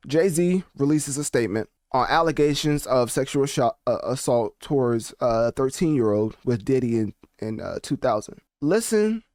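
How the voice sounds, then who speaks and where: A man hosting a casual commentary video, talking in an animated, slangy and rambling way. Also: medium pitch, normal speed, hardly any pauses, no echo, clean studio sound. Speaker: commentary channel host.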